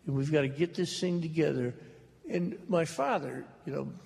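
Speaking at a public talk in a big hall, an older author spins slow, drawling, joking stories for the audience. His voice is on the high side, gravelly and a little mellow, with reverberant acoustics and faint noise around him.

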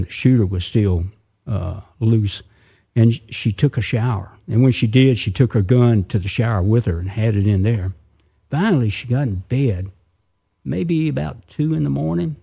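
Male storyteller, dramatic oral delivery, raspy and gravelly. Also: mid-range voice, warm tone. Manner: vivid, with sound effects and asides to listeners.

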